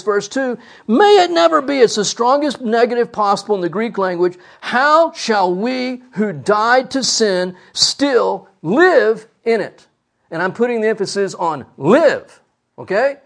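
Man preaching, very high voice, emphatic sermon, rhetorical questions. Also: fairly bright tone.

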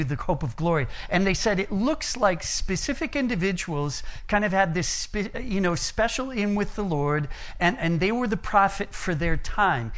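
A middle-aged American man preaching a sermon, telling personal stories in an earnest way. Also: sits high. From United States. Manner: earnest storytelling, varies loudness and pace.

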